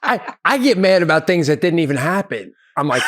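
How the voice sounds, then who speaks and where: Podcast co-host, middle-aged man, fairly high and very lively voice, laughs often, quick asides. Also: noisy background. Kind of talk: casual chat.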